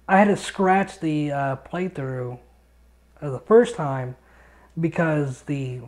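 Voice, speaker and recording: An excitable man tells stories on a casual podcast, with plenty of swearing. He records from his home studio. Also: fairly high pitch. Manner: excitable storyteller, swears a lot. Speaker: podcast co-host.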